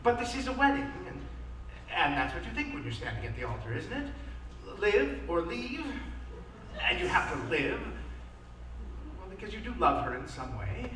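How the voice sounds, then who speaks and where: A man's voice: on the high side, sing-song, moderate pace, pauses often, bright, forceful tone. An actor playing a wistful musical fan who confides in the audience, rambling as he talks. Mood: musing. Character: wistful middle-aged male musical fan narrating. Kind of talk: stage musical performance. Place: theater stage. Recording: echoey stage from far off with noise.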